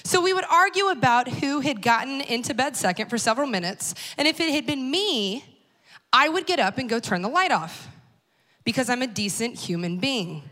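A woman's voice: sits high, expressive, normal speed, bright, forceful tone. A woman in her thirties giving a personal storytelling talk, conversational and wry, speaking straight to the audience. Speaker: speaker at a church talk series.

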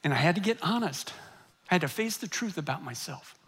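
Middle-aged pastor, high tenor voice, animated sermon storyteller who drops to a hush for effect. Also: male voice, fairly quick, slightly rough. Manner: animated storytelling, swinging between loud and hushed.

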